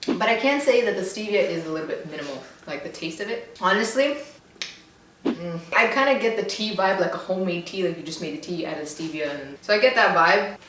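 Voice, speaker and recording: A woman's voice: lowish voice, lively intonation, a little fast, a bit bright, far from the mic, slight background noise. A young woman chatting casually in a rambling, self-mocking way while reviewing drinks. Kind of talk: casual chat. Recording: very echoey room, away from the mic.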